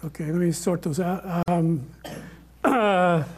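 A man's voice: high voice, slow pace. A man giving an informal lecture on religion and answering questions, often hesitating and restarting his sentences. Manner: hesitant, with many fillers and restarts.

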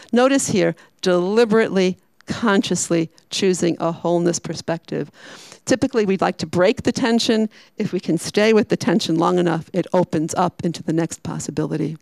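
A woman who is a Franciscan sister, giving a reflective spiritual talk. She is emphatic, slowing down and repeating key words. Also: mid-range voice, creaky, dry recording, low-quality recording.

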